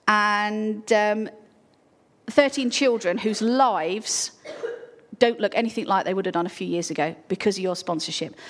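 A woman giving an informal, earnest talk to a church congregation, full of ums and restarts. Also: medium pitch. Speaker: charity speaker at a church.

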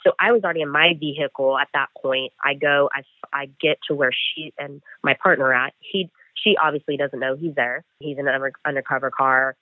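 A man's voice: mid-range voice, a little fast, few pauses, no room sound. A man working as a bail enforcement agent, telling a chase story in an interview and acting out the dialogue as he goes. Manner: animated, acts out dialogue with "I'm like". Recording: tinny phone line, dry.

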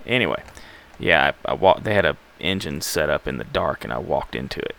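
A man's voice: a bass voice, lively intonation, normal speed, vocal fry, a bit bright. A man from Alabama, hosting a music show in a rambling, laid-back, self-deprecating way. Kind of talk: casual radio show chat.

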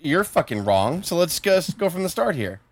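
A young man co-hosting a podcast, loud and exasperated, swearing through casual rowdy banter. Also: on the high side, very animated, normal speed. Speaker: podcast co-host.

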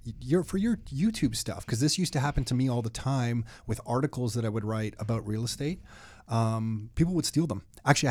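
Animated male talk show host. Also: mid-range voice. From Canada. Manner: animated storyteller, laughs often. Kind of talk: casual interview chat.

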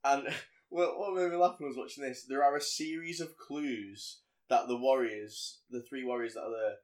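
A man's voice: mid-range voice, moderate pace. A man co-hosting a podcast, casually retelling a film scene by scene and acting out the characters' lines in voices. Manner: animated storyteller, acts out quotes in voices. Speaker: podcast co-host. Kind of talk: casual chat recapping a film.

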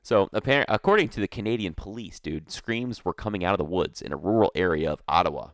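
A man with a very low voice chats casually on a podcast, rambling and calling his co-host dude. The sound is dry and close. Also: expressive, fast, no room sound. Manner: rambling, peppers talk with dude. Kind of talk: casual comedic chat.

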